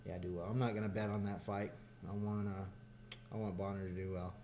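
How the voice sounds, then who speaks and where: A man's voice: on the low side, little pitch movement, brisk. Southern guy, laid back, lots of uh and you know, faint hiss. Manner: laid-back, rambling with fillers. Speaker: guest fighter. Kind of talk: casual interview chat.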